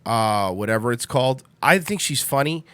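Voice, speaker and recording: A man's voice: medium pitch, animated, normal speed, bright, forceful tone, clean tone, no room sound. A man in his thirties hosting a livestream radio show, rambling in casual chat, repeating himself and swearing bluntly. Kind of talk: casual solo stream chat.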